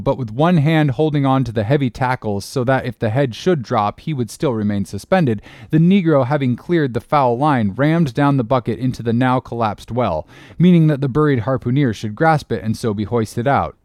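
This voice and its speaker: A man narrating an audiobook in a steady, expressive reading voice. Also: mid-range voice, moderate pace, no room sound, studio quality. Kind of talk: scripted narration.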